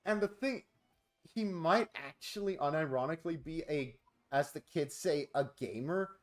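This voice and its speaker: A man's voice: fairly high pitch, moderate pace, soft background music. Joking man streaming a game. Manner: animated, joking, swearing. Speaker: streamer co-host. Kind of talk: casual stream chat.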